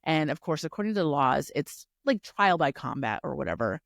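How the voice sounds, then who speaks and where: A woman co-hosting a casual book-club podcast, recapping the plot in animated, profane storytelling. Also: low voice, a little fast, gravelly, no echo, studio quality. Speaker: podcast co-host.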